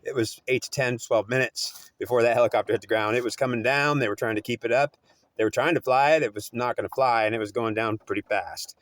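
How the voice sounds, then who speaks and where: A man's voice: medium pitch, fast, fairly bright tone, no room sound. A man telling a story in a rambling, repetitive way, often restarting and correcting himself. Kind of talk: oral storytelling.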